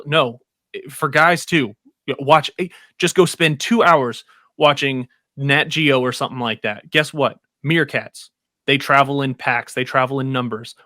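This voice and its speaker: A man with a bright, forceful mid-range voice making his point in a rambling, opinionated way, circling back and restarting often. The sound is dry and close, as in a casual podcast chat. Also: mid-range voice, no echo. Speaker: podcast co-host.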